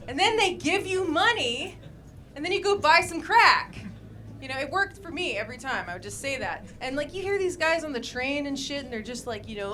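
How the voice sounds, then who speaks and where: A woman doing a stand-up comedy set on a club stage, telling crude deadpan stories with a lot of swearing, into a handheld mic. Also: sits high, fairly quick.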